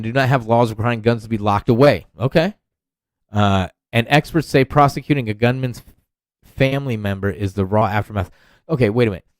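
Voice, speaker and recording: A man's voice: mid-range voice, no room sound. A man in his thirties hosting a podcast, ranting in a profane, rambling, heated way. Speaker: podcast host. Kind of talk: solo rant podcast.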